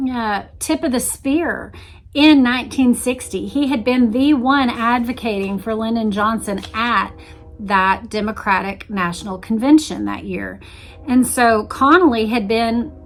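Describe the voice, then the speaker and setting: A woman hosting a book-based history discussion, reading passages aloud and adding musing asides. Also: on the high side. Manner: reads quotes aloud with shifting voices, adds musing asides.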